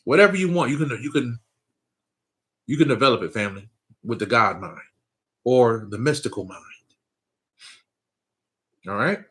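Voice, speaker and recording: Laid-back bright-voiced man preaching casually. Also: mid-range voice, expressive, moderate pace, long pauses. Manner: loose, conversational preaching with frequent laughs and "you know what I'm saying". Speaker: spiritual teacher. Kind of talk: casual talk to viewers.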